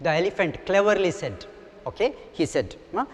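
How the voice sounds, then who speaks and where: A man's voice: high voice, lively intonation, a little fast. A man lecturing on a story, explaining words patiently and checking with "okay?". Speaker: English lecturer. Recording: long echoing reverb.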